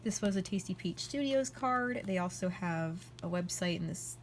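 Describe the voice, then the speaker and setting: A young woman vlogger chatting casually as she flips through her journal, rambling and excitable, with "like" in almost every sentence. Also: fairly low pitch, normal speed, slight background noise. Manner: rambling and excitable, heavy use of "like".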